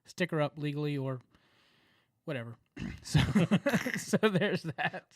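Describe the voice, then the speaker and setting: Co-hosting a podcast, a Southern American man keeps things casual, laughing, rambling and using lots of filler words. He speaks slowly in an expressive voice on the high side. The audio has no room sound.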